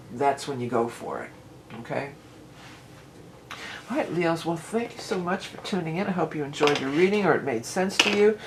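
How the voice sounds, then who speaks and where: A woman's voice: low voice, slight background noise, rough recording. Chatty woman tarot reader. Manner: chatty and rambling, with frequent restarts and "you know"; reads card verses aloud slowly and deliberately. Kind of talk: casual tarot reading to camera.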